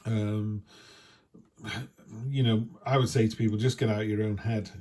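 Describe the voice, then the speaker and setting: A man's voice: on the low side, flat delivery, normal speed, warm tone. A man giving a chatty, down-to-earth weekly tarot reading in a casual, reassuring way. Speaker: tarot reader.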